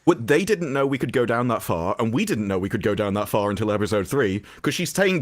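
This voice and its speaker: A man's voice: medium pitch, sing-song, a little fast, few pauses. A man in casual podcast chat, animatedly acting out scenes in mocking voices. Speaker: podcast guest.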